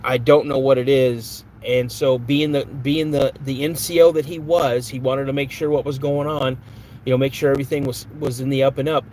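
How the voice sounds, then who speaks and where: A man's voice: mid-range voice, flat delivery, moderate pace, a little mellow, a little hiss or hum, poor audio. A man hosting a podcast live stream, chatting casually with viewers in a rambling, off-the-cuff way. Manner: rambling, reads chat aloud, flares up angrily at a troll. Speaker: podcast host.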